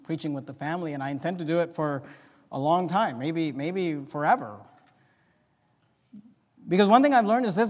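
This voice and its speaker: A man preaching a sermon as pastor, swinging from low confiding talk to loud rising exhortation. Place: church sanctuary. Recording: long reverb of a church hall.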